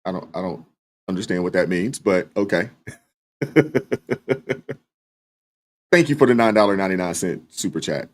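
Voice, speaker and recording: A man hosting a live stream, reading viewer super chats and talking through them in a relaxed way, with lots of fillers. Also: sits low, fast. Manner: relaxed, many fillers, thanks viewers by name. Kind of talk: casual live stream commentary.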